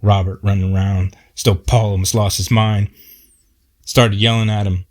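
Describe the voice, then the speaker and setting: A man's voice: lowish voice, flat delivery, moderate pace, darkish tone. A man telling a personal story in a folksy, plainspoken way.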